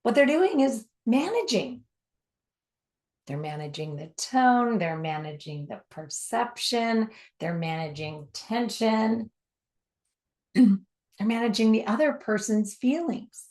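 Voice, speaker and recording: Slow, emphatic woman teaching. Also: a little high, animated. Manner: emphatic, repeats words for stress, drops to soft near-whispers. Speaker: communication teacher. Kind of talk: spoken teaching to camera.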